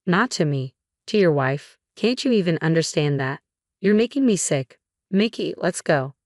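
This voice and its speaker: A stern elderly chairman scolds in a firm, reproving voice, as a woman reads him. The voice is low and dry, recorded close with no room sound. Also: animated, moderate pace, darkish tone, no room sound. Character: stern older male company chairman, grandfather.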